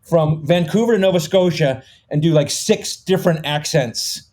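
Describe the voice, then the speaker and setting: A man's voice: a little high, moderate pace, a little mellow. A middle-aged man as a podcast guest, swearing casually and rambling through stories with lots of fillers. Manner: rambling storytelling, many fillers. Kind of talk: casual conversation.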